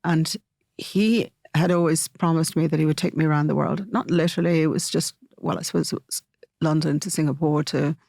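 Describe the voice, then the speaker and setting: A middle-aged woman, an interview guest telling a personal story in a halting way, with many fillers and restarts. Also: sits low, fairly even intonation, gravelly, darkish tone, dry recording, clean studio sound.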